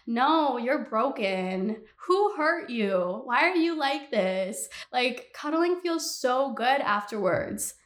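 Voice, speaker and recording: A woman's voice: sits high, animated, unhurried, few pauses, a bit bright, echoey room. A woman in her twenties hosting a podcast alone, ranting candidly in casual talk and swearing freely. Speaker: podcast host. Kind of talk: casual solo podcast rant.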